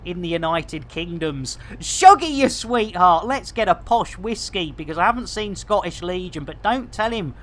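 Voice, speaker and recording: A man's voice: high-pitched, lively intonation, normal speed, hardly any pauses, fairly bright tone. Jokey middle-aged Barnsley man streaming. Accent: Barnsley, Yorkshire. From England. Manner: jokey, chatty, with playful catchphrases. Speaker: game streamer. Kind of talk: live gameplay stream chat.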